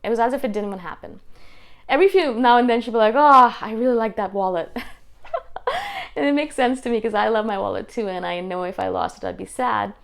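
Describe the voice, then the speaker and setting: A woman vlogger talking casually to her viewers, animated and acting out the voices she quotes. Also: a little high, fast talker, creaky. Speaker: spiritual vlogger. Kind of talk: casual talk to camera.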